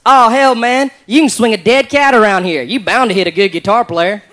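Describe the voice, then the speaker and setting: A comedian voicing a rambling redneck man who gives folksy advice in a slow backwoods drawl. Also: high voice, noisy background, natural voice. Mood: folksy, deadpan.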